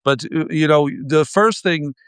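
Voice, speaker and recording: Smooth-voiced wry man. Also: on the high side, unhurried, a bit bright, no room sound. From United States. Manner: wry, rambling, many restarts. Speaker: podcast host. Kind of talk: casual podcast conversation.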